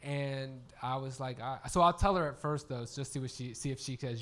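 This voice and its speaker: A man's voice: mid-range voice, a little fast, hardly any pauses, a bit bright. A man who is a stand-up comedian, chatting as a guest on a live stage, telling family stories and acting out quotes with plenty of swearing. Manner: laughing, acts out quotes, swears freely. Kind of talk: casual storytelling chat.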